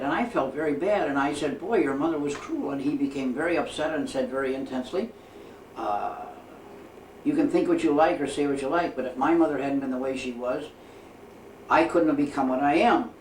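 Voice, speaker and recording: Soft-spoken man telling a story in an echoey room. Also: mid-range voice, distant mic. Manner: measured storytelling, quoting dialogue, frequent pauses with "uh". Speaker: interviewee recounting life with his guru. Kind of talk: reflective spoken memoir. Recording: echoey room, voice from off the mic, faint ambient noise.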